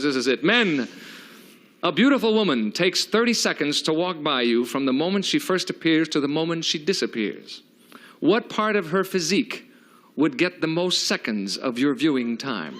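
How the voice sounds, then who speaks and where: A man's voice: fairly high pitch, a bit bright. A man hosting a television game show, joking with contestants and chuckling often, on a hissy old broadcast tape. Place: TV studio.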